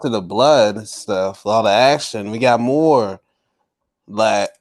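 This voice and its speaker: A man's voice: lowish voice, slow pace, dry recording. A man co-hosting a casual wrestling talk show, laid-back and leading into the next match. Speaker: wrestling podcast co-host. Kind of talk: casual chat.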